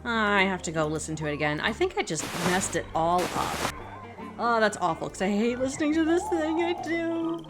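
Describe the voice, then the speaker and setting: A woman's voice: mid-range voice, animated, moderate pace, music in the background. A woman casually commenting while she plays a mystery game, chatty and self-mocking, often breaking into giggles. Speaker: game streamer. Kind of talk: casual let's-play commentary.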